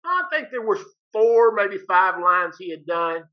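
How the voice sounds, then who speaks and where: A man's voice: high-pitched, very animated, measured pace. An older man, a retired teacher, telling a story in a folksy, plain-spoken way and acting out both sides of each exchange. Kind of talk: casual storytelling. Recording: dull lo-fi recording.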